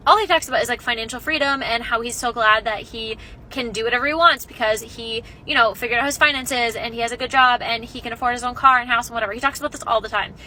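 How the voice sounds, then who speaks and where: A young woman telling a story about a bad date in a casual, animated and exasperated way. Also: a little high, a little hiss or hum, poor audio.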